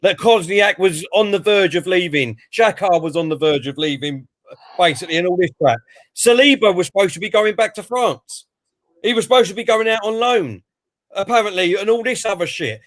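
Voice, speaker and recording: High-voiced fan on a dry mic. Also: male voice, lively intonation, brisk, no echo. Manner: agreeable, chatty, sprinkles in swearing. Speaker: fan pundit. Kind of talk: casual football chat. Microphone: computer mic on video call.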